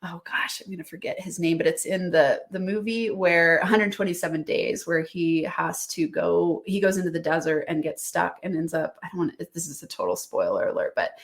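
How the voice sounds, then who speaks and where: A woman's voice: lowish voice, fairly quick, vocal fry, hardly any pauses. A woman hosting a motivational business podcast, talking straight to the listener in an upbeat, direct coaching manner.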